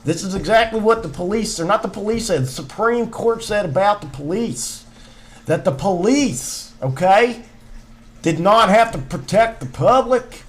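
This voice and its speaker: A man's voice: sits high, animated, normal speed. A man co-hosting a podcast, ranting in casual chat while hamming up a put-on Southern twang, riffing and repeating himself with some profanity. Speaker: podcast co-host.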